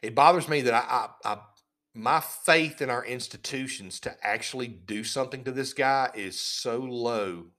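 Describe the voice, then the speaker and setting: A man's voice: medium pitch, moderate pace, bright, forceful tone. A man hosting a podcast, ranting in an indignant, sarcastic tone and often repeating words as he goes. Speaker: podcast host. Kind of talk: casual ranting commentary.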